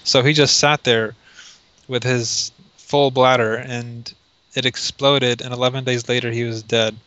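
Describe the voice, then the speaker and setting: Flat-voiced man chatting, lo-fi. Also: mid-range voice, dry recording. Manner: reads search results aloud, halting. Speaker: podcast co-host. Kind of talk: casual chat. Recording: dull lo-fi sound.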